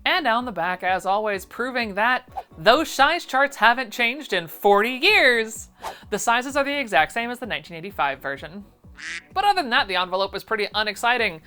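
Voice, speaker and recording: A woman with a bright, crisp voice reviews sewing patterns in a casual vlog. She talks in a sarcastic, animated, exasperated way, and soft music plays quietly behind her. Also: on the high side, moderate pace.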